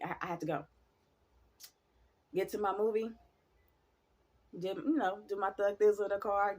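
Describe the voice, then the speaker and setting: Husky-voiced woman telling a spooky story. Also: on the low side. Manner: animated, talks to viewers, swears freely. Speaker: storyteller vlogger.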